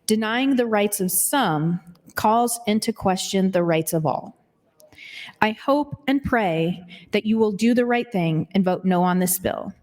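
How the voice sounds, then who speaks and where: A woman state senator reading written testimony into the record in a measured, formal way. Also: mid-range voice, lively intonation, darkish tone. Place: legislative chamber. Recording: hall reverb.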